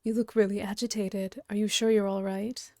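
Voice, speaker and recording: A woman voicing a calm ghost girl who is part frog, speaking flat and quiet while reading a webcomic aloud. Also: medium pitch, normal speed, no echo, clean studio sound, close to an everyday voice. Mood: deadpan.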